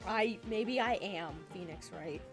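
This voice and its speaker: A woman's voice: medium pitch, measured pace. Chatty woman streamer over game music. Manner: chatty, giggly asides. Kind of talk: casual game commentary.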